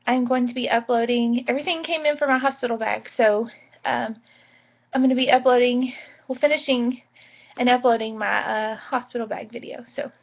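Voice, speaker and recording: A woman's voice: on the high side, fairly even intonation, moderate pace. A young woman chatting emotionally in a home vlog, full of likes and ums. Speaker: vlogger. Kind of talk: casual pregnancy vlog chat. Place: home bedroom. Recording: dull lo-fi home video audio.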